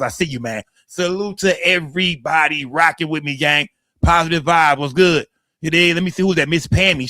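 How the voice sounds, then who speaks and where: Dude running a livestream, shouting out the chat, slangy, kinda high voice, dry close sound. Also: male voice, dry recording. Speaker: livestream host. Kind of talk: casual livestream commentary.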